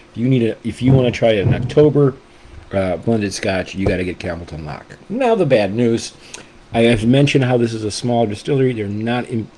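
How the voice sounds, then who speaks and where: Low, mellow-voiced enthusiastic man. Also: slight background noise, poor audio. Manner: enthusiastic and rambling, with frequent restarts. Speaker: whisky reviewer and channel host. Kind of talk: casual tasting review.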